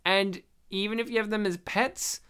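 A woman's voice: mid-range voice, steady tone, normal speed, fairly bright tone, clear, resonant tone. A woman hosting a casual movie-review chat, laughing often and telling stories with animation. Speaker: podcast host reviewing a movie.

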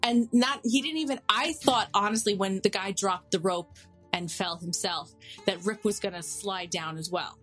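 Woman cohost just chatting, animated storyteller, faint music behind. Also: medium pitch, moderate pace. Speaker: podcast co-host. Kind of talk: casual chat.

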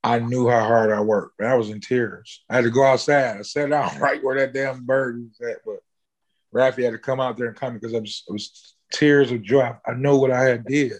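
A man in an interview, casually telling a long story, swearing freely and jumping high in pitch when he acts out what people said. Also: fairly even intonation, brisk. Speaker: interview guest, musician.

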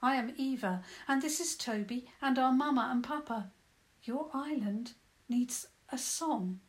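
A woman voicing a kind young girl who speaks gently and reassuringly in a children's story. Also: high-pitched, unhurried, voice pushed up.

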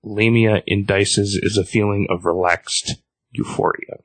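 A man's voice: on the low side, steady tone, a little slow, slightly rough, dry recording. A man reading as a cold plant villainess. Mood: calm. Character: weary plant-powered villainess, cold and menacing. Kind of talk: reading comic dialogue aloud.

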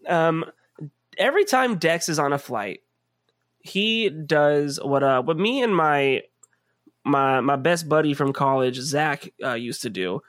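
A young man hosts a casual podcast with a slightly high, very lively voice. He jokes around, laughs easily and trails off into fillers. The sound is dry and close. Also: slow, dry recording. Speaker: podcast host. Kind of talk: casual banter among friends.

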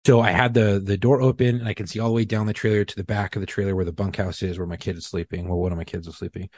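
A man's voice: low voice, steady tone, racing, a little mellow, slightly rough, no room sound. A middle-aged man telling a rambling, profanity-laced story in casual podcast chat. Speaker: podcast co-host.

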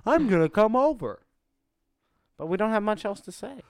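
A man's voice: high-pitched, sing-song, normal speed, creaky, a little mellow, dry recording, clean studio sound. A young man co-hosting a casual podcast, swearing, teasing and laughing often. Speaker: podcast co-host. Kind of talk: casual crude podcast banter.

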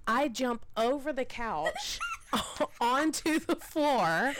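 Speaking very slowly in a high-sitting voice, a thirties-aged mom co-hosting a podcast recounts a story, playing out each quoted line with animation. The chat is casual and the recording is very noisy.

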